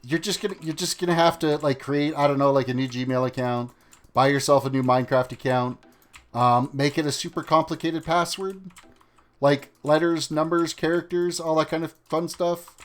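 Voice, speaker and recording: A man's voice: on the high side, steady tone, normal speed. Chatty man streaming a game. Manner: rambling, chatty, talks to chat while playing. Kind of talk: casual live-stream chat. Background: faint music and keyboard typing.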